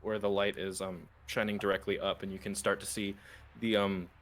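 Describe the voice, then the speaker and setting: Guy gm narrating a tabletop game, lowish voice, lots of ums. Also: little pitch movement. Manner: hesitant, halting narration with many fillers. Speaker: game master.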